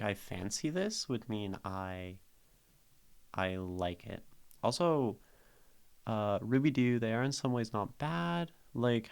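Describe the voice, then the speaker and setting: A man's voice: on the low side, vocal fry. A young man streaming live, casually talking through a poem and reacting to chat, thinking aloud at a desk mic. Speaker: streamer critiquing poetry.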